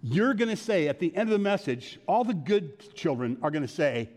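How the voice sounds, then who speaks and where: A man's voice: a little high, expressive, moderate pace, a little mellow, in a large hall. A man preaching a sermon as pastor, folksy and rambling, correcting himself and acting out little conversations. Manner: folksy, rambling with self-corrections and acted-out dialogue. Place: church sanctuary.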